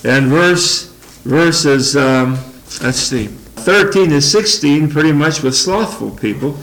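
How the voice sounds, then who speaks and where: A man's voice: on the high side, expressive, takes it slowly, fairly bright tone, low-quality recording. An older man giving an informal, folksy Bible study, rambling through verses and chuckling between thoughts. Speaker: Bible teacher.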